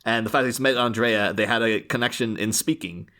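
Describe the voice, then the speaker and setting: A man's voice: on the low side, fairly quick, a bit bright. A man co-hosting a podcast, chatting casually about a film and slipping into playful impressions of characters. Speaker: podcast co-host.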